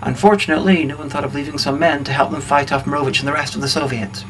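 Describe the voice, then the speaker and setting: A man giving a dry, brisk plot summary for a film review. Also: fairly high pitch, steady tone, a bit bright, a little hiss or hum.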